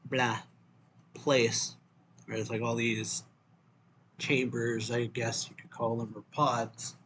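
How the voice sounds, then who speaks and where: A man's voice: mid-range voice, little pitch movement, takes it slowly, a bit bright, a little hiss or hum. A man casually retelling a manga chapter, rambling with many fillers as he goes. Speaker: manga reviewer.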